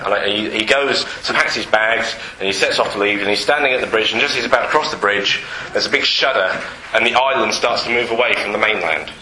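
A male preacher gives an informal sermon in a bright, ringing voice, joking at his own expense as he goes. He talks in a loose, conversational way with plenty of hesitations. The sound is roomy and echoey, with a light hiss underneath. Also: lowish voice, brisk. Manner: conversational, self-deprecating, with many fillers and restarts.

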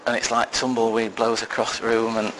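A lay preacher delivers a sermon, sharing a personal story with dry, self-deprecating humour before moving to a serious point. His medium-pitched voice is monotone, fairly bright, and a little fast. The low-quality recording carries slight background noise.

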